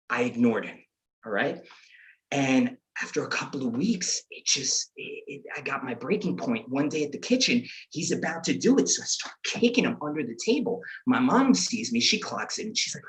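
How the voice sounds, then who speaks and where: A man's voice: medium pitch, expressive, moderate pace, a bit bright. A man, from the Bronx, telling a comic personal story to an audience and acting out his own inner voice.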